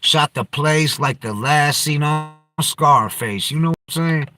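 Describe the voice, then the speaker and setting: A man's voice: a little high, measured pace, sharp tone. Slangy man, rambling and profane. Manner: loose, slangy, profane, hopping between topics. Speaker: podcast host. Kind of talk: casual rambling chat.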